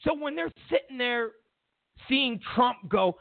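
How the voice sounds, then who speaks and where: A man's voice: very high-pitched, expressive, takes it slowly, creaky, no echo. A man hosting a talk show, delivering a heated, mocking political monologue full of repeated phrases. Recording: tinny phone-like sound.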